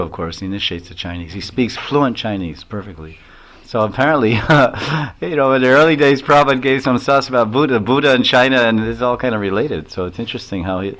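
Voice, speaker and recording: A man's voice: medium pitch, a bit bright. A man giving a devotional lecture as a swami. He tells stories in a rambling way, with many chuckles and acted-out quotes.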